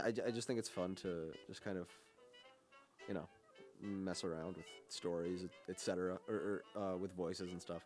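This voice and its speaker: A man's voice: low voice, steady tone, normal speed, a little mellow, faint music behind. A young man hosting a college radio show, chatting casually and rambling with lots of fillers and restarts. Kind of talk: casual on-air chat.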